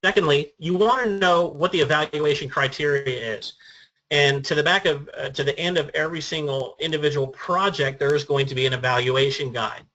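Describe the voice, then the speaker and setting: A man's voice: fairly high pitch, fairly quick, sharp tone, lo-fi sound. A man giving an instructional talk as a speech trainer, earnest and methodical, laying out his points by number.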